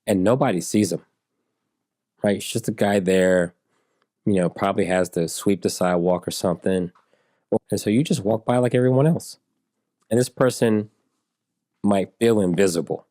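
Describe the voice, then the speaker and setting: A man's voice: on the low side, moderate pace, pauses often, dark tone, dry recording, studio quality. A man in his forties, a podcast guest telling stories and acting out the dialogue in them. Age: 40s. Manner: storyteller who acts out dialogue. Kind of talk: podcast conversation.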